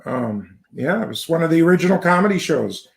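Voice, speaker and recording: An older man in his sixties with a fairly high voice for a man. He tells old stories with enthusiasm over a video call with friends. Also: big pitch swings, a little fast, creaky. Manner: storytelling, reminiscing, enthusiastic. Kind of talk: casual group chat.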